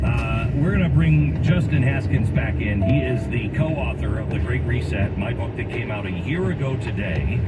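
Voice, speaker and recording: A man's voice: medium pitch, far from the mic, rough recording. A man hosting a talk radio show, loose and conversational, with fillers. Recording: car radio heard from across the car.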